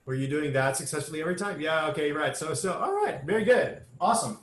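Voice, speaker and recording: Choir director, singing and coaching. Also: male voice, on the high side, sing-song, fast, a bit bright, echoey room. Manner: sings demonstration phrases between spoken instruction. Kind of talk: online choir rehearsal. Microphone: video call.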